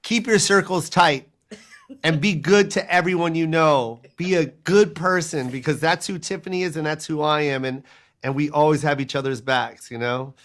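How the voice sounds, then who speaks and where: A man chatting as an interview guest, a comedian who tells his stories in animated bursts and laughs often. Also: on the high side. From United States. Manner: animated, laughs often, fast storytelling asides. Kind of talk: casual interview chat.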